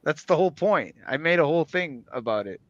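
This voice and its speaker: A man's voice: a little high, animated, brisk, a bit bright, dry recording, muffled recording. A man chatting casually on a stream, laid-back and full of fillers. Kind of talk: casual chat.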